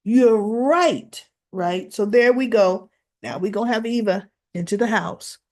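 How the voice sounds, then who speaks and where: A chatty woman talking through a soap opera episode in a loose, casual recap. She keeps tossing in little tag questions and slips into the characters' voices to act out their lines. Her voice sits at an ordinary middle pitch. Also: normal speed. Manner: retells scenes by acting out quoted lines.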